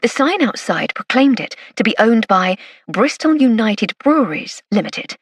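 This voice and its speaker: Woman audiobook narrator, wry and measured, dry close sound. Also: on the high side, sing-song, dry recording. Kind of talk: scripted first-person narration.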